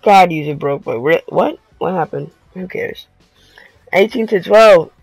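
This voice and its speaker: A young man giving live, excitable commentary on his own basketball video game match, full of slangy trash talk. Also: high voice, unhurried, vocal fry, breathy edge, dry recording, soft background music, low-quality recording. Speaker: gaming video creator.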